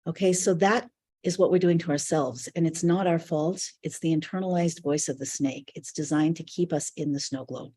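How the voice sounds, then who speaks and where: A woman's voice: low-pitched, moderate pace, warm tone, breathy edge. A woman teaching a live online spiritual class, speaking earnestly in loose, flowing, reflective phrases.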